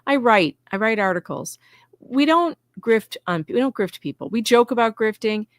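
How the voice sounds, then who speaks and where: A woman's voice: a little high, lively intonation, normal speed, dry recording, clean studio sound. A woman commentator on a casual live stream who talks emphatically, stacks short repeated statements, and gets indignant. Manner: emphatic, indignant, repetitive lists. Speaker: YouTube commentator, guest co-host.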